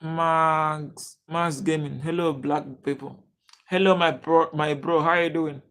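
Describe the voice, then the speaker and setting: Nigerian male stream host, casual and talkative, fairly high voice, keeps welcoming chat. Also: fairly even intonation, a little slow, fairly bright tone. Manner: chatty, greets viewers by name, reads chat aloud. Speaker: livestream host.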